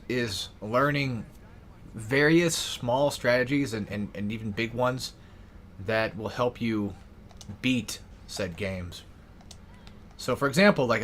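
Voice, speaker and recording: A man's voice: medium pitch, a bit bright. A young man giving casual, rambling gameplay commentary, sarcastic and swearing often. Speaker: gaming YouTuber.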